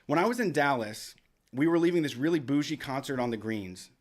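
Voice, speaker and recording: Give me a man in the middle pitch range, telling a rambling, profane story on his show. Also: expressive, a little fast. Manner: profane, rambling, with lots of restarts. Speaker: podcast host. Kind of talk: casual storytelling.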